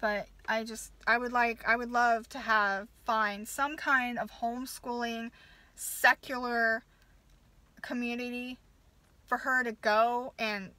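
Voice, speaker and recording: Woman in her 30s venting on camera, cusses a lot, keeps stopping and restarting, high voice, dry close sound. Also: fairly even intonation, pushed and bright, no echo, low-quality recording. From United States. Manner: profane, halting, many restarts. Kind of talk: angry personal rant.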